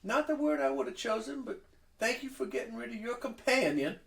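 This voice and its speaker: A man's voice: extremely high pitch, a little fast, gravelly, a bit bright, pitched above the performer's own voice, heavily acted. A man voicing a flamboyant halfling woman who owns a mead hall, speaking in a grand, theatrical way. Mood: grandly indignant. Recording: echoey room.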